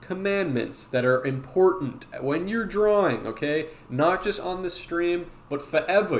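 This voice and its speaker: A man's voice: fairly high pitch, slight background noise. A man hosting a live drawing class on his stream, rambling, swearing casually and encouraging his viewers.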